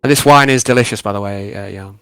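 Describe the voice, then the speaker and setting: Male game master, low voice, descriptive and halting, dry close mic. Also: bright, forceful tone, smooth, no room sound. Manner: descriptive, many fillers. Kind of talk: narrating a tabletop game.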